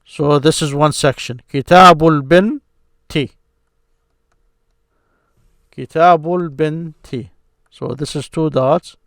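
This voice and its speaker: A man's voice: on the high side, fairly bright tone, no echo, clean studio sound. A man teaching an Arabic grammar lesson, speaking patiently and sounding out syllables again and again. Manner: slow, patient, repeats syllables aloud. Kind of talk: screen-share grammar lesson.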